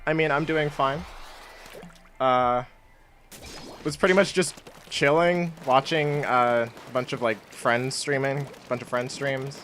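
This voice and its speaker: A man's voice: medium pitch, fairly even intonation, a little slow, long pauses, fairly bright tone, a little hiss or hum. A young man from Canada chatting casually on a game live stream, rambling and self-mocking, laughing often. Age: young adult.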